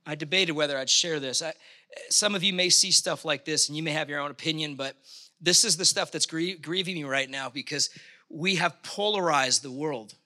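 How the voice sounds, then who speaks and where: High, bright impassioned male preacher. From Canada. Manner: impassioned, emphatic bursts, halting restarts. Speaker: pastor. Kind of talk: sermon.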